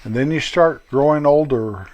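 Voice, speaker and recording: A man's voice: on the high side, normal speed, darkish tone, muffled recording. An older man, a grandfather, hosting his own podcast in a folksy, rambling, chatty monologue. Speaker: podcast host. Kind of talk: casual solo podcast monologue.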